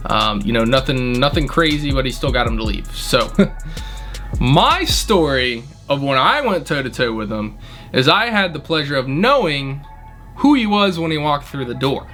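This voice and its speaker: A man's voice: mid-range voice, sing-song, moderate pace, pushed and bright, faint music behind. A young man, a restaurant manager, telling a story in a blunt, indignant, casual way and swearing freely.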